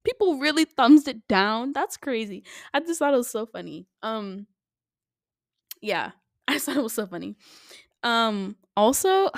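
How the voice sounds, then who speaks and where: A young woman hosting a casual solo podcast, chatty and animated, filling her talk with "like". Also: on the high side, no echo, clean studio sound. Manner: chatty and animated, lots of "like" fillers. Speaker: podcast host.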